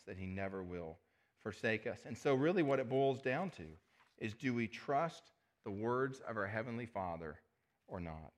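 A middle-aged male pastor preaching a sermon, earnest, often dropping his voice to a hush on key words. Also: fairly low pitch. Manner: earnest, drops to a soft hush on key phrases.

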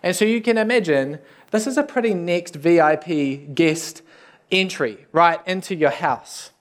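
A man's voice: on the high side, unhurried. A man, a youth pastor, preaching a sermon in a casual, joking way with self-deprecating asides.

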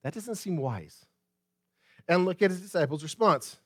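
A man's voice: sits high, lively intonation, moderate pace, no room sound, studio quality. A man preaching a sermon as pastor, speaking straight to the congregation with rhetorical questions and repeated phrases. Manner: addresses the congregation directly.

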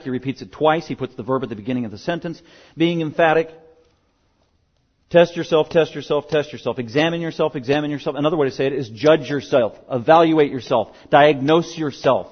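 A fairly high-voiced man preaching from the pulpit, pressing his points with insistent repetition. The recording sounds dull and muffled. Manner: emphatic, repeats key words for stress. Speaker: pastor. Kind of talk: sermon.

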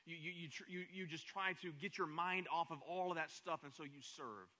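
A man's voice: a little high, brisk, sharp tone. A man in his thirties preaching a sermon as pastor, emphatic, repeating words and building to raised, passionate runs.

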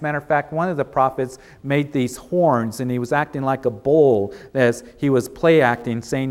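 A man's voice: medium pitch, steady tone, normal speed, few pauses, a little mellow. Man preaching in a storytelling way. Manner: storytelling with repeated emphatic phrases. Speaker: pastor. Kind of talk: sermon.

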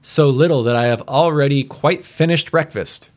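A man's voice: mid-range voice, normal speed, voice pushed up, natural voice. A man doing a grumpy rich husband. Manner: gruff, curt and impatient. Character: grumpy wealthy middle-aged husband.

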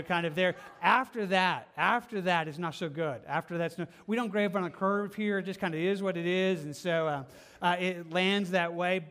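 A man preaching a sermon as pastor, chatty and joking, then dropping to soft, earnest exhortation. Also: sits high. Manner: playful, conversational, with sudden drops to soft earnest tones.

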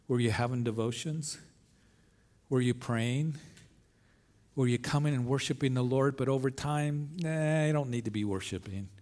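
A man's voice: mid-range voice, darkish tone. A middle-aged man preaching a sermon as pastor at an outdoor service, earnest and emphatic, with rising phrases.

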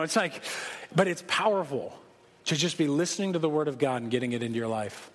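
Pastor, man, high voice, casual joking sermon, long hall reverb. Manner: conversational, joking, emphatic preaching.

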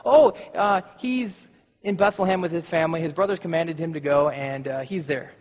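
A man's voice: on the high side, moderate pace, long reverb tail, natural voice. A man playing a loyal young prince. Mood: flustered.

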